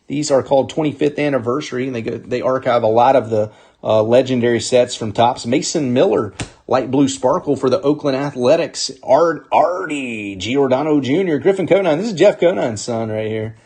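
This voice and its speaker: A man's voice: medium pitch, normal speed, darkish tone, slightly rough. A man hosting a live sports card break, upbeat as he calls out players and teams while opening packs.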